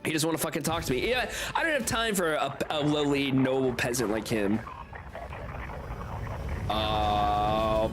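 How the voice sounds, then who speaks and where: A young man streaming a game, giving excitable, laughing live commentary and reading aloud. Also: medium pitch, measured pace, pauses often, over music.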